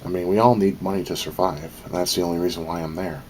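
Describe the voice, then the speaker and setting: Man, very low voice, home vlogger, breathless, loose and rambling with cursing rants. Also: fairly even intonation, fast, darkish tone, a little hiss or hum. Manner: rambling, frequent ums, profane venting. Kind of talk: casual vlog monologue.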